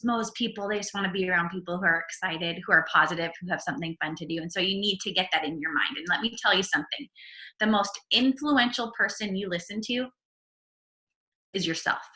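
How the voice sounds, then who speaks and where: A woman's voice: medium pitch, pushed and bright, roomy sound. A woman giving an earnest, encouraging mindset talk on a video call, repeating her key phrases. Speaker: network marketing leader.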